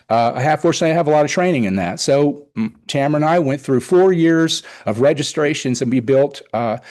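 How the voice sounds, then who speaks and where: A man's voice: a little high, darkish tone. Enthusiastic middle-aged man reporting to a board. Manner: enthusiastic, rambling, retells conversations. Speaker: car show organizer presenting to town board. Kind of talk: public meeting report.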